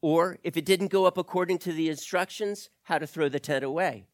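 A man's voice: on the high side, brisk, dry recording, studio quality. Man telling a story to kids. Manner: animated, addresses kids directly. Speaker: children's storyteller. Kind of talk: storytelling to children.

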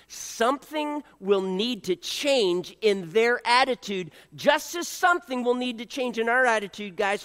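A man preaching a sermon, animated and joking, acting out voices and coughing now and then. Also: sits high, in a large hall. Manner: animated, acts out voices, jokes with the congregation. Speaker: pastor.

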